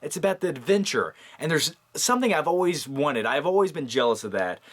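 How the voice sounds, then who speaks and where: A man's voice: fairly high pitch, big pitch swings, a little fast. A man in a casual, comedic movie vlog, jokey and rambling with lots of fillers. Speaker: movie vlogger.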